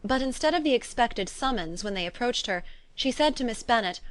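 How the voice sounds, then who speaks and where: Female audiobook narrator, measured and even, dry close sound. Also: a little high, no room sound. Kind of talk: scripted narration.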